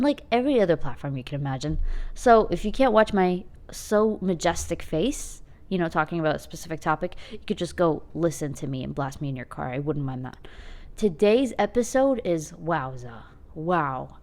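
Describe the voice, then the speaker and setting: A young woman hosts her own podcast, chatting on her own and joking at her own expense. Her voice sits a little low for a woman, and she rattles through quick asides. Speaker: podcast host. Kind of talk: casual solo podcast monologue.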